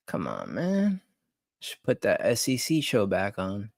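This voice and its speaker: A man's voice: fairly low pitch, huge pitch swings, a little slow, gravelly, no room sound, clean studio sound. A young man ranting on a late-night live stream about sports betting, swearing and repeating himself as he vents. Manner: agitated, swearing, repeats words.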